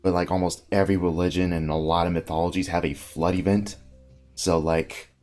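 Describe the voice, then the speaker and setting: Deep-voiced guy hosting a podcast, rambly, lots of likes and ums, faint music behind. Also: level tone, fairly quick, darkish tone. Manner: rambling, many fillers and restarts. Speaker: podcast host. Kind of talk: casual podcast chat.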